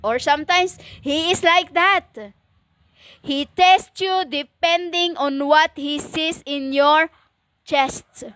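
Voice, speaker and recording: Woman, stern lecturing preacher; very slow, halting delivery, bright tone. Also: high-pitched. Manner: stern and lecturing, slow with many pauses and fillers. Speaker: self-styled preacher. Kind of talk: impassioned spiritual monologue.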